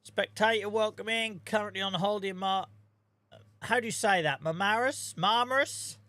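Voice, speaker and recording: Streamer, male, Norfolk accent, sharp bright voice, tired, casual and sweary with viewers. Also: sits high, fairly even intonation, brisk, no room sound. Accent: Norfolk English. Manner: chatty, swears freely, greets viewers by name. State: tired and sore. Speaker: game streamer. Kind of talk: casual live-stream chat while playing.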